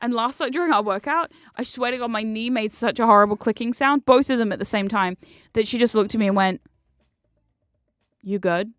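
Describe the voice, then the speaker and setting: A woman streaming a video game, chatting casually with a self-mocking humor and frequent laughs, jumping between loud outbursts and low asides. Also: fast, dry recording, studio quality. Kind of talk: casual chat while gaming.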